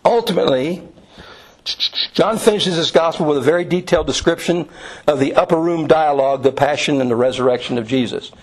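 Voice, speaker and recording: A man's voice: fairly high pitch, fairly quick, a little mellow, low-quality recording. Man teaching a casual Bible class. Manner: conversational, with many fillers and restarts. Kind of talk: informal Bible class lecture.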